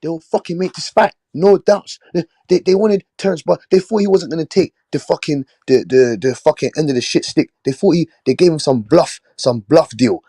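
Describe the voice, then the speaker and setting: On a boxing talk show, a male host launches into a heated, casual rant, fired up, swearing, and repeating himself. His voice is slightly high, warm, and a bit breathy, moving at a moderate pace with few pauses. The recording is dry.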